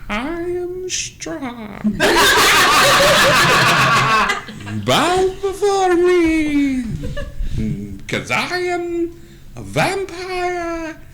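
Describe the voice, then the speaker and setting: A man voicing a nerdy, skinny young man who is anxious but boastful, talking in a high flustered squeak. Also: huge pitch swings, drawn-out words, heavy background noise, heavily acted.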